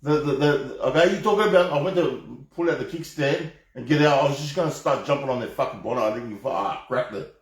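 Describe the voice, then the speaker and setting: A man's voice: mid-range voice, fast. An Australian man ranting in a heated, rambling way on a live stream, swearing heavily and often restarting his sentences. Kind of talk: profane off-the-cuff rant. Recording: echoey room.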